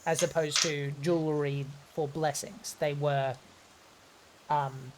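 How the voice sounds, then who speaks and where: A woman running a tabletop game as game master, narrating in a relaxed, hesitant way with many ums. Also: low-pitched, slow, very noisy.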